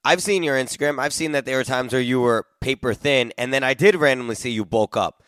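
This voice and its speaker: Smooth-voiced podcast host, dry sound. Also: male voice, mid-range voice, a little fast, fairly bright tone, no echo. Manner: encouraging, sums up the guest's story and praises him. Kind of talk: casual interview chat.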